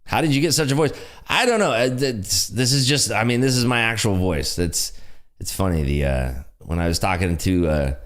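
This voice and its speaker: Hosting a laid-back day-trading livestream, a man speaks at normal speed in a loud, room-filling voice whose pitch swings widely. Lively and enthusiastic, he laughs often as he reads viewer comments aloud and responds to them with eager, upbeat energy.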